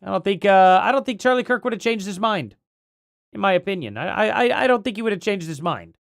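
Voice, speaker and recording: Hoarse-edged livestream host, lively and rambling. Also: mid-range voice, brisk, no room sound, clean studio sound. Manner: rambling, thinks aloud while reading. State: voice starting to go. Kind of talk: casual livestream commentary.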